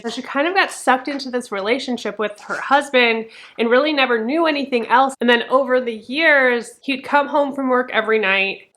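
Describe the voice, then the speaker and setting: A woman's voice: fairly high pitch, bright, forceful tone. A young woman vlogging casual book reviews, chatty and swearing freely, her talk full of "like".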